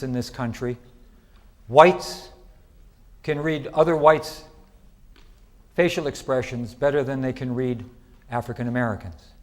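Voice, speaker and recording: A middle-aged man giving a conference lecture in a lively, chatty way, asking the audience questions. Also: medium pitch. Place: lecture hall.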